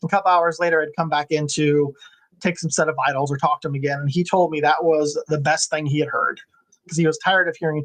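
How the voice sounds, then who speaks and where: A man with a somewhat higher voice talks in a relaxed, unscripted way. He is a nurse sharing blunt advice with colleagues, speaks earnestly from experience, and drops the occasional curse word for emphasis. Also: fairly quick. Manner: candid and blunt, swears for emphasis. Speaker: nurse and podcast host. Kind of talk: casual advice talk to healthcare workers.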